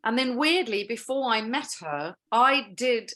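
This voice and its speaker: A woman guest on an interview show, talking about her work in a lively, storytelling way. Her voice is bright and forceful and carries well. It has the loose feel of casual conversation. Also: fairly high pitch, a little slow. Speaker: guest actress.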